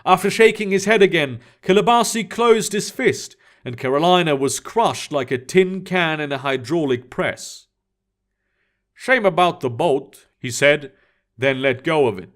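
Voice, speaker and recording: A man's voice: a little high, moderate pace, fairly bright tone. Man narrating first-person fiction. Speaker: audiobook narrator.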